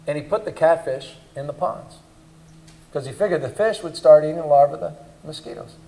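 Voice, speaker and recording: Man, slightly high voice, emphatic storytelling speaker at a conference forum. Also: a little fast, vocal fry, poor audio. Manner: animated storyteller, emphatic and punchy. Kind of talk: public speech with personal anecdotes.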